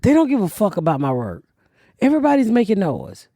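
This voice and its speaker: A woman's voice: medium pitch, wildly swooping pitch, fairly quick, warm tone, dry recording, studio quality. A middle-aged woman hosting a comedy podcast, telling stories in a blunt, profane way. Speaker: podcast host. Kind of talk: casual comedic chat.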